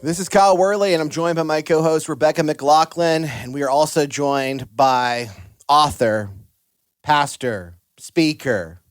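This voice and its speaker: A man's voice: on the high side, unhurried, no echo. A man hosting a podcast, chatting in a jokey, self-deprecating way. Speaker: podcast host. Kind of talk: casual chat.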